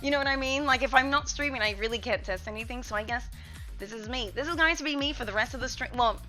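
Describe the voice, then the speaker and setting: A young woman chats playfully with her stream audience, her voice bright and a touch high. She talks into a desk mic in a room with a little echo, and faint music plays underneath. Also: fast. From Australia. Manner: chatty, playful, reading and answering chat. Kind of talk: casual live-stream chat. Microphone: desk mic, testing distances.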